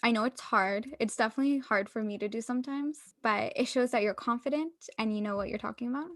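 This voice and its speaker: A young woman co-hosts a chatty podcast, talking in an upbeat, explanatory way with an easy laugh. Her voice sits fairly high, and the recording is close and dry. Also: quick pace, fairly bright tone, no room sound. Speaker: podcast co-host. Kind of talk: casual chat.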